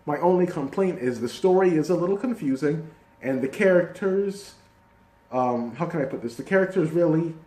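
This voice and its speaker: A man's voice: on the high side, darkish tone. A man giving a casual, rambling video review of a TV season, full of fillers and restarts. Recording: echoey room.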